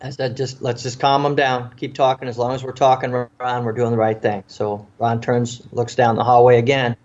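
Here the officer-author's voice is medium in pitch, level and somewhat dark, moving at a moderate pace through a muffled recording. He narrates a tense story for an interview, with many restarts and repeated words. As a vivid storyteller, he voices the people he quotes.

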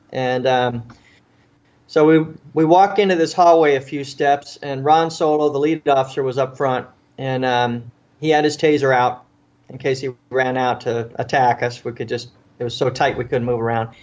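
This interview features a policeman and author relating a tense story, full of restarts and repeated words, with quoted voices acted out vividly. His mid-range voice is a little mellow, and the sound is lo-fi.

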